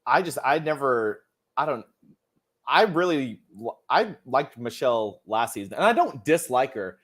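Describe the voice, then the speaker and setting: A man hosting a casual podcast chat, expressive and emphatic, often laughing. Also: medium pitch, measured pace. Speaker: podcast host.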